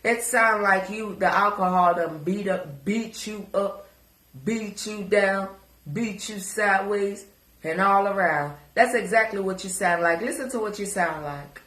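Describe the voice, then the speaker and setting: A woman's voice: medium pitch, a little slow, a bit bright, reverberant. A woman giving crude, taunting reaction commentary and repeating words to mock someone. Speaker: commentary vlogger.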